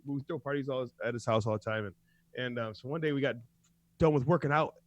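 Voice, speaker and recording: With a mid-range voice and a slightly quick delivery, this man co-hosts a radio talk show, swapping profane, casual stories and laughing a lot. The audio is dull, with no echo.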